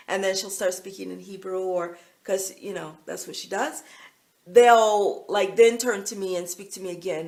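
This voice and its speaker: A woman's voice: on the low side, gravelly, a little mellow. A middle-aged American woman with an American accent, chatting casually and rambling with lots of fillers while out in town. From United States. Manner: chatty, meandering, full of fillers. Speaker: vlogger. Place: outdoors in town.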